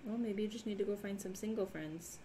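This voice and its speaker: A woman's voice: mid-range voice, brisk, warm tone, slight background noise. A woman from Minnesota chatting casually on a crafting livestream, reading chat aloud and laughing often. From Minnesota, USA. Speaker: livestream host.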